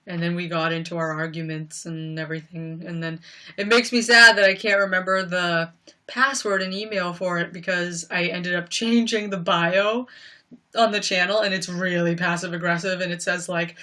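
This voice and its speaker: A woman's voice: lowish voice, bright, forceful tone, distant mic. A young woman hosting a livestream, talking casually and emphatically, rambling with lots of fillers. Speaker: livestream host.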